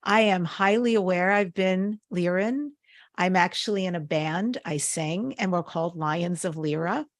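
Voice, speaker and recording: Female podcast host, casual chat, warm and grateful, close dry sound. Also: lowish voice, unhurried, no echo.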